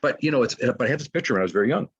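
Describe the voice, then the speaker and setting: A man's voice: mid-range voice, animated, very fast, slightly rough, dry recording, muffled recording. A middle-aged man giving a motivational webinar talk, rambling loosely with many fillers and restarts. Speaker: webinar presenter.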